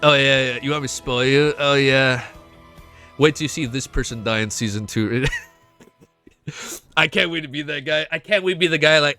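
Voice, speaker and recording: A young man streaming a casual reaction, excitable and swearing often, laughing between remarks. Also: mid-range voice, normal speed, long pauses, smooth, soft background music. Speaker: streamer reacting to a web novel. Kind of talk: casual live reaction chat.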